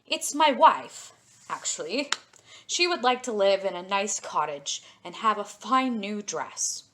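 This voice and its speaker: A woman's voice: mid-range voice, lively intonation, measured pace, sharp tone. A woman voicing a humble, kindly poor fisherman who speaks earnestly and meekly in a storybook reading. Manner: earnest and meek.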